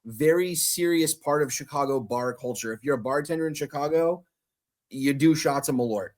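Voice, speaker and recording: A man co-hosting a podcast in casual chat, telling stories with quick laughs and loose swearing. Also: a little high. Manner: animated storyteller, quick laughs, swears freely. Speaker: podcast co-host.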